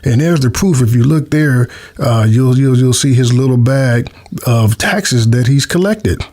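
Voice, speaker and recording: A certified tax preparer, a man, teaching taxes in a relaxed explainer style, repeating words now and then. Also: medium pitch, a little slow. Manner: friendly, repeats words, chuckles at his own jokes. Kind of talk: casual explainer lesson.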